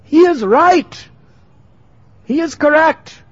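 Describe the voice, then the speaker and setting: A man voicing a crowd of indignant village parents who scold a mother in a shrill, insistent way, on a muffled lo-fi recording. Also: lively intonation, slow, no room sound, exaggerated voice.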